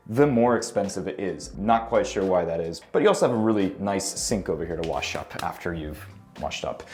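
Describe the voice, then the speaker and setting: A man with a lowish, slightly mellow voice hosts a property tour vlog, walking through rooms and streets on location, indoors and outdoors. His manner is upbeat, chatty and full of jokes.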